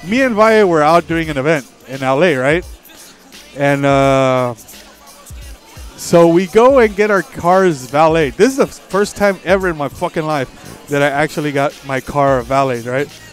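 A man hosting a livestream, telling a story in a profane, animated way, with faint music behind. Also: a little high, normal speed. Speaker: livestream host. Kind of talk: casual storytelling on stream.

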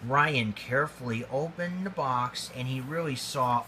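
A man reading a homemade storybook aloud, slow and halting, with grammar slips. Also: medium pitch, pushed and bright, a little hiss or hum.

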